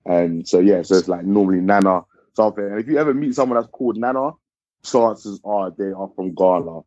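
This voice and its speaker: A man chatting as a podcast guest in a relaxed, rambling way with lots of fillers. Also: fairly low pitch, a little fast, no echo. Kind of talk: casual podcast chat. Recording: dull, dry sound.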